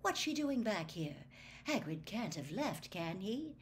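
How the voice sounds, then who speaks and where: A woman voicing a curious teenage girl witch, asking brisk questions. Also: mid-range voice, very animated, a little hiss or hum.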